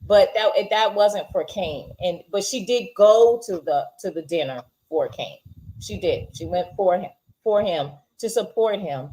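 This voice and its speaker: A woman's voice: mid-range voice, animated, a little slow, dark tone, low-quality recording. A woman co-hosting a casual TV episode review, firmly explaining her view and pushing back on her co-host. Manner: firm, explains and pushes back. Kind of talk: casual chat.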